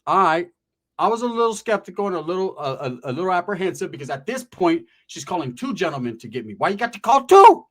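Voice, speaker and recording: A man's voice: high voice, very animated, quick pace, fairly bright tone. A middle-aged man casually telling a profane, streetwise story from his past, often tagging his lines with "right?".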